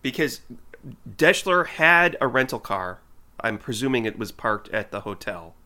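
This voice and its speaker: Male podcast co-host, mid-pitch voice, casual recap of scenes. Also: sing-song, measured pace, pushed and bright. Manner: recaps scenes, acting out the dialogue. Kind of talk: casual chat.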